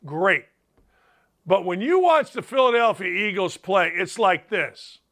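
High, lively, emphatic male sports host. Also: unhurried. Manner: emphatic, argumentative, mock-quotes critics in a higher voice. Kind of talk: opinionated sports talk monologue.

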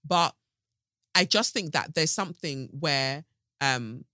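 A woman's voice: low voice, lively intonation, slow, pushed and bright, no room sound, clean studio sound. A woman hosting a podcast from her sofa, talking in an emphatic, sassy monologue. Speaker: podcast host. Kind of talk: casual commentary monologue. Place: home sofa.

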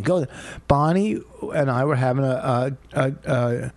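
A man's voice: medium pitch, moderate pace, few pauses, no echo. A man who hosts radio, arguing casually with his wife and retelling events with lots of repetition. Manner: animated storyteller, repeats himself. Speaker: radio host. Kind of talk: casual couple argument on a podcast.

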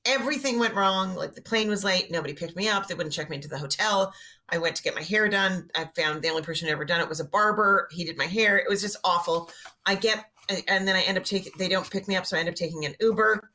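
A middle-aged woman with a bright, forceful voice tells self-mocking stories in a relaxed podcast chat. She talks like a comedian spinning an anecdote, easy and conversational. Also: fairly low pitch, fast.

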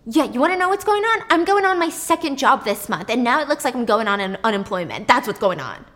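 A woman voicing a frantic, defensive young waitress who breaks into shrill, exasperated outbursts. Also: big pitch swings, fast talker, fairly bright tone. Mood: outraged.

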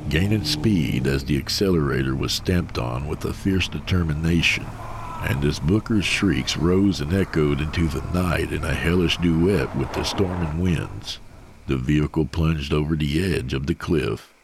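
A man reading a horror story aloud in a slow, measured, grim delivery. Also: rumbling low, vocal fry, background noise. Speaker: narrator.

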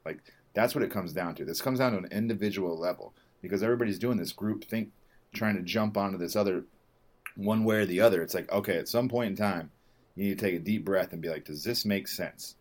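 A low-voiced man in a loose podcast chat. His talk is animated and profane, and he swings up loud and high when he vents about something. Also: fast. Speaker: podcast co-host. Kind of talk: casual chat.

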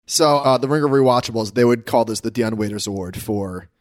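A man's voice: mid-range voice, brisk, darkish tone, no room sound, studio quality. A man co-hosting a podcast, talking casually and conversationally with a nitpicking streak. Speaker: podcast co-host.

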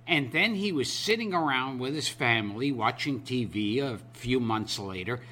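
A man hosting a talk show, telling a story in halting, stammering starts. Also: mid-range voice, animated, bright, forceful tone. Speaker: host. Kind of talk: casual talk show chat.

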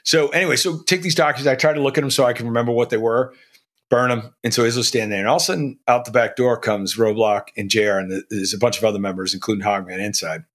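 A man's voice: mid-range voice, steady tone, fast, fairly bright tone. A man telling a story about his undercover past in a blunt, profane, casual way, as a podcast guest.

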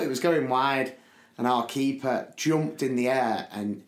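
A man, co-hosting a podcast in casual chat and telling stories with lively, loud bursts. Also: medium pitch, measured pace. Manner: lively storytelling, loud bursts when acting out his shouting. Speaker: podcast co-host. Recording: roomy echo.

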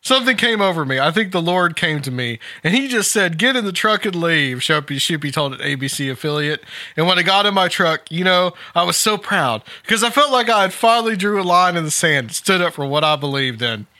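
A man with a bright, somewhat high voice reads a news article aloud with casual amusement, breaking into chuckles. The sound is close and dry, with no room around it. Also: animated, a little fast, no echo. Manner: amused, laughs while reading. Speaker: podcast host.

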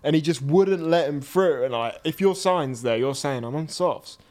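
A man's voice: fairly high pitch, normal speed, darkish tone. A young man co-hosting a casual podcast, chatty and opinionated, often laughing. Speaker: podcast co-host. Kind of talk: casual chat.

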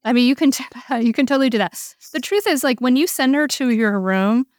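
A woman's voice: sits high, expressive, fairly quick, no room sound, studio quality. A woman working as a parenting coach, explaining earnestly and often checking in with "right?". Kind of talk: coaching conversation.

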